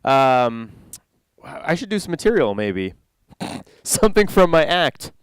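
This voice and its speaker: A man's voice: fairly high pitch, sing-song, slow pace, smooth, no room sound. A young man doing stand-up at a conference, rambling and interrupting himself as he laughs at his own jokes. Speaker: stand-up comedian. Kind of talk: stand-up comedy. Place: conference stage.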